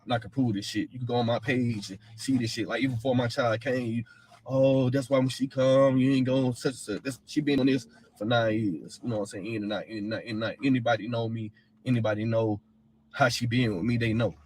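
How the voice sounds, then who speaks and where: A man's voice: medium pitch, fast talker, darkish tone, slight background noise. A man telling his own account in a blunt, heated way, swearing and repeating himself. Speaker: father of a missing woman's child. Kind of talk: casual first-person account.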